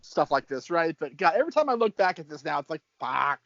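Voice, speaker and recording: A man in his thirties with a high voice chats casually, reacting with exclamations and curses as he watches. The sound is dull, dry and close, with no room around it. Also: very animated, fast, vocal fry, fairly bright tone, no room sound. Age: 30s. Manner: emotional, swearing, laughing, exclaiming. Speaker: podcast co-host. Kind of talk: casual chat watching a match.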